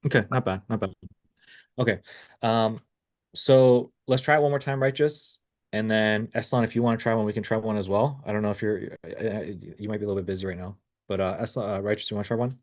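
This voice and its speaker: A man's voice: fairly low pitch, fairly even intonation, quick pace, darkish tone. A man coaching sales reps over a video call, blunt and casual, pushing them for more energy.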